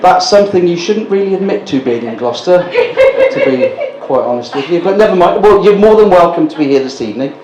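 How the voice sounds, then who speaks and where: A man's voice: high-pitched, huge pitch swings, a little fast, few pauses, crowd noise. Cheeky, sweary sixty-something male comedy compere. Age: 60s. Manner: cheeky, sweary banter with the audience. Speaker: stand-up compere. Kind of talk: stand-up comedy hosting with crowd work. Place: indoor live comedy gig at a brewery. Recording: echoey room with loud background noise.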